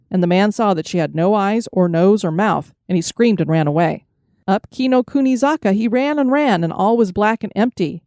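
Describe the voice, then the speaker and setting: Mellow woman narrating ghost stories. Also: mid-range voice, moderate pace, no room sound, clean studio sound. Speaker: podcast host. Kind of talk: storytelling narration.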